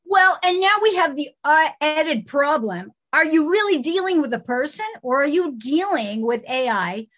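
A woman's voice: high voice, animated, normal speed, few pauses, a bit bright. A woman guesting on a casual podcast, blunt and outspoken, swearing casually.

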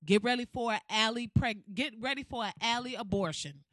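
Blunt, sarcastic woman podcaster, slightly high voice. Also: a little fast, no echo, studio quality. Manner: blunt, profane, sarcastic, animated. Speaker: podcast host. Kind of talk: podcast rant.

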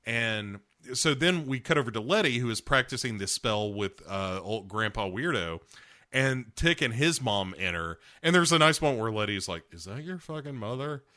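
This is a man co-hosting a loose, casual recap podcast. His voice has a bright, forward ring. He acts out the characters' lines with gusto and swears freely along the way. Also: lowish voice, expressive, normal speed. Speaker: podcast co-host recapping a TV episode. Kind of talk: casual chat.

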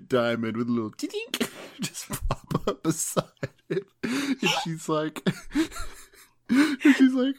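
A man's voice: high-pitched, wildly swooping pitch. Giggly man retelling a show. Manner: giggly, laughs through nearly every sentence; acts out characters' lines in quick quoted voices. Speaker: podcast co-host. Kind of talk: casual chat, retelling an anime episode.

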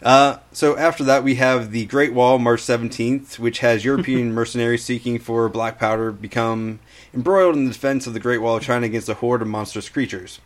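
A man's voice: mid-range voice, fairly even intonation, fairly quick. A man hosting a casual movie podcast, running the list of releases, blunt and opinionated. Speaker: podcast host.

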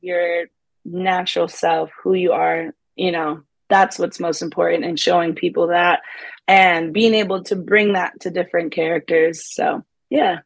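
A young adult actress talking casually in an interview, upbeat, laughing often and using lots of "like" fillers. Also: female voice, fairly low pitch, fairly even intonation, measured pace, gravelly, dry recording. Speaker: guest actress.

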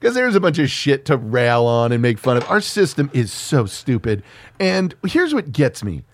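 A man's voice: mid-range voice, wildly swooping pitch, normal speed, a little hiss or hum. A man co-hosting a podcast in a casual chat, sarcastic and profane, often laughing. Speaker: podcast co-host.

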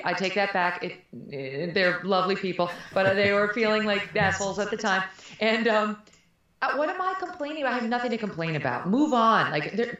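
A woman's voice: medium pitch, fairly bright tone, lo-fi sound. A middle-aged woman speaking frankly and animatedly as an interview guest, laughing often. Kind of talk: candid conversational interview. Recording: very echoey room.

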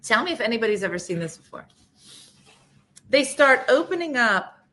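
Bright-voiced woman telling a funny story. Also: medium pitch. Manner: animated, acts out quoted people. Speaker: guest. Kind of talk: casual comic storytelling.

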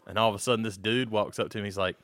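A man's voice: fairly low pitch, steady tone, rapid-fire, a bit bright, dry recording, clean studio sound. A man, co-hosting a podcast and telling stories over drinks, laid-back and swearing freely, often laughing. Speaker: podcast co-host. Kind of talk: casual storytelling over drinks.

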